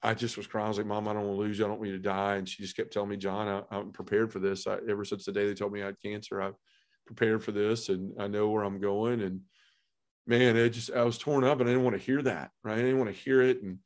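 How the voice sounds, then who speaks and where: A man's voice: lowish voice, fairly even intonation, fast. A middle-aged man telling his own story as a podcast guest, earnest and heartfelt, with lots of "you know" and "man". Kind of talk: personal testimony in a podcast conversation.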